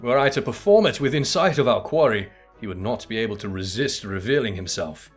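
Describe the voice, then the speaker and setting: A man voicing a pompous, theatrical gentleman inspector in a game, speaking in grandiose, old-fashioned phrases. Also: mid-range voice, expressive, brisk, slightly rough, faint music behind.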